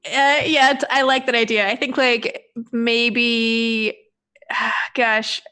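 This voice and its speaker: A woman playing in a tabletop role-playing game, chatting in an upbeat way and thinking out loud as she decides her moves. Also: fairly high pitch, little pitch movement, slow, clean tone. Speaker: player. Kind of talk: casual tabletop game chat.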